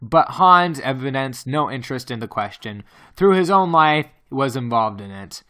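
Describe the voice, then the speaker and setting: A man's voice: mid-range voice, lively intonation, moderate pace, bright, forceful tone. A man reading a novel aloud as an amateur audiobook, stumbling often and correcting himself. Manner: reads with frequent stumbles and self-corrections.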